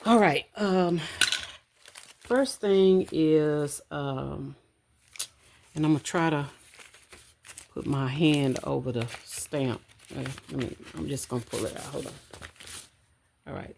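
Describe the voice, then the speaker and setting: A woman chatting casually to her viewers at home, calling them y'all and counting out loud as she goes. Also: extremely low pitch, steady tone, measured pace, vocal fry, pauses often, background noise. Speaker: budgeting vlogger. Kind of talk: casual chat to camera. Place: home room. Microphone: camera on a stand.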